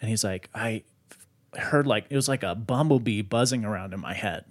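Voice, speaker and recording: Male podcast host, conversational storyteller, lively, loose delivery. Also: fairly low pitch, moderate pace. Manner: animated, lots of "like" fillers. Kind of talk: casual storytelling.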